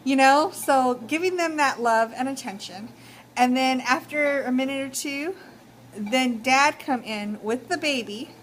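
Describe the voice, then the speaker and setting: A woman's voice: sits high, unhurried, a little hiss or hum, rough recording. A young woman with a Texan accent giving casual advice in a vlog, talking chattily with many fillers. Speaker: vlogger.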